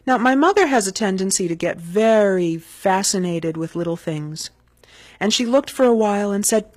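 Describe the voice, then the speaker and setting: A woman telling a spoken family anecdote in an animated, comic way. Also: medium pitch, moderate pace, dry recording. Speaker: storyteller.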